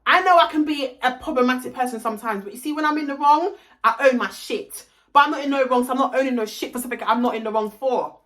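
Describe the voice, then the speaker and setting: A young woman tells a long personal story straight to camera in a storytime vlog. Her voice sits a little high. She talks emphatically, swears freely and drops into Caribbean slang. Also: quick pace, fairly bright tone. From London. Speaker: vlogger.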